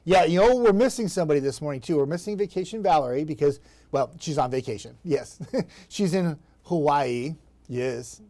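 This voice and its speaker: A man's voice: on the high side, lively intonation, normal speed, warm tone. A man hosting a casual live weather chat, greeting viewers by name in a chatty, self-deprecating, upbeat way.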